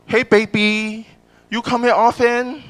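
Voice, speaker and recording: A man's voice: very high-pitched, little pitch movement, voice pushed up. A comedian putting on a sleazy, overconfident male flirt with a Chinese accent, purring smarmy pickup lines in a stand-up bit. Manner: smarmy, teasing pickup lines, drawn-out questions.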